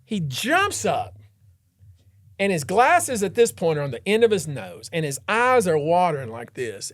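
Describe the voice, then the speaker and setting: Lawyer guy on a podcast acting out his courtroom story, kinda high voice, dry close sound. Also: unhurried, dry recording. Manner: animated, dramatic, acts out the scenes. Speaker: podcast host and trial lawyer. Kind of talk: casual storytelling chat.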